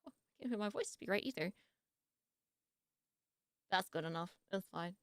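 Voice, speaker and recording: A woman's voice: mid-range voice, normal speed, dry recording, studio quality. A woman streamer in casual live-stream chat, playful and jokey, laughing often and yawning sleepily.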